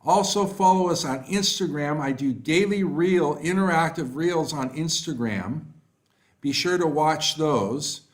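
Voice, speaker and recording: A man teaching a live online class. He reads out student answers and praises them by name, talking slowly with many fillers. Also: fairly high pitch. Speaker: online English tutor. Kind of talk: live online class, reading chat replies.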